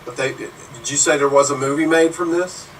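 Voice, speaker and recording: A man playing a guessing game, unsure and filling pauses with "um". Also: on the high side, steady tone. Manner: unsure, many "um"s. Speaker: contestant. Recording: distant mic, faint noise.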